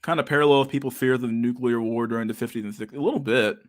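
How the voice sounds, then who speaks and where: A man's voice: medium pitch, fairly even intonation, very fast. A young man hosting a casual livestream chat, talking in a profane, slangy and sarcastic way, often laughing. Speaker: livestream host.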